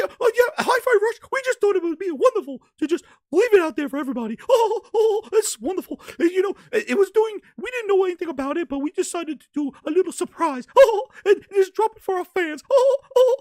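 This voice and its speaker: A high squeaky stammery exec voice, all nervous and gushy. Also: male voice, sing-song, brisk, hardly any pauses, dry recording, clean studio sound. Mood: nervous gushing. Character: squeaky fawning male gaming executive.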